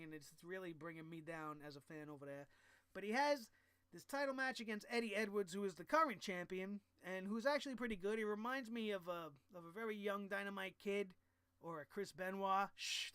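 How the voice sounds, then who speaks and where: A man's voice: high-pitched, a bit bright, clean tone, dry recording. A man recapping a wrestling show in a casual, profane and exasperated rant, full of sarcasm.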